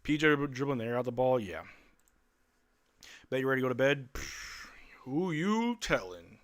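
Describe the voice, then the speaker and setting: Bright-voiced man calling games as a frustrated fan. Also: mid-range voice, big pitch swings, moderate pace. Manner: exasperated, blunt, slangy fan talk. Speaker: live stream host. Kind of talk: casual fan play-by-play commentary.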